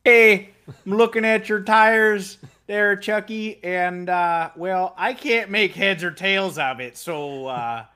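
A man's voice: high voice, slow pace, sharp tone, clean tone, pitched above the performer's own voice, full character voice. A man voicing a clueless, chummy race engineer with a Minnesotan accent. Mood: bumbling.

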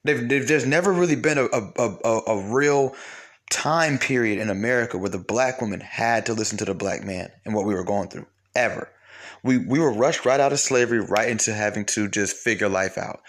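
Young guy ranting, swears a lot, repeats himself, gets loud and high when he's fired up. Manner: heated, repetitive, swearing, rising loud when worked up. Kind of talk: casual monologue to camera.

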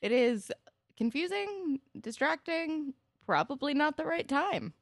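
A woman's voice: sits high, very animated, measured pace, no echo, studio quality. A young woman co-hosting a casual recap chat, candid and blunt, swearing when annoyed. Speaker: podcast co-host.

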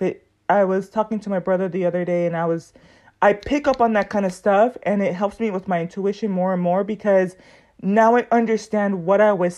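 A woman hosting her own podcast, telling a long story in a casual, animated way and acting out what other people said. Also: medium pitch. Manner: animated, acts out other people's lines in quoted voices. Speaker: podcast host.

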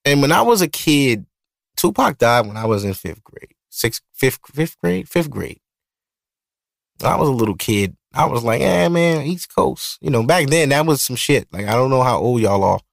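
A Brooklyn man in his thirties hosts a podcast, telling loose, profane, rambling stories. His medium-pitched voice is sing-song and brisk with vocal fry. It's a dry, clean recording made on a studio mic.

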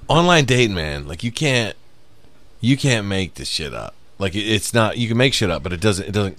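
Male podcast co-host, bright and animated, crude comedic storyteller. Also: sits low. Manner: animated storyteller, swears a lot, acts out quotes. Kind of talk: casual comedic chat.

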